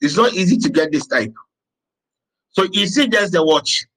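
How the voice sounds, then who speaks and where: High, bright-voiced teacher, a man. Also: animated, poor audio. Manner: slow, deliberate dictation with joking asides. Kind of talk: teaching session.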